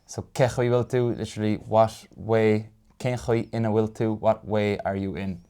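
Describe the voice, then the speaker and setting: An Irish man with a low, gravelly and mellow voice walks a listener through phrases. He explains slowly, stopping and restarting as he goes. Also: level tone. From Ireland. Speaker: Irish language teacher. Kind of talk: casual language lesson.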